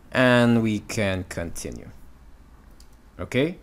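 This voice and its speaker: A man's voice: lowish voice, expressive, takes it slowly, long pauses. A man teaching Hebrew reading, patiently sounding out letters and syllables step by step. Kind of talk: instructional walkthrough.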